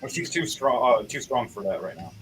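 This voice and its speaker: A man running a tabletop game as game master, voice at an ordinary middle pitch. He narrates combat with vivid, gory, profane detail. Music plays clearly behind him. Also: very animated, brisk, a bit bright, rough recording. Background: music playing.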